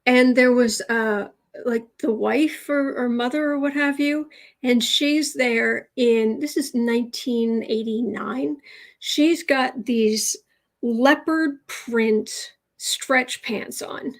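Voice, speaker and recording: A woman's voice: a little high, slow pace. Chatty woman hosting a tarot livestream. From United States. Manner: chatty, digressive storytelling. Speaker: tarot reader, livestream host. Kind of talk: casual livestream chat.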